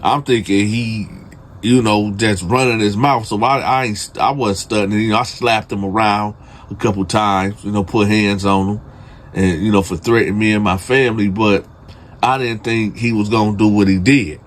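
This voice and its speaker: A man's voice: on the low side, fairly even intonation, normal speed. A man telling a true prison story in casual, slangy talk, speaking straight to his listeners and building suspense. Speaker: storyteller host.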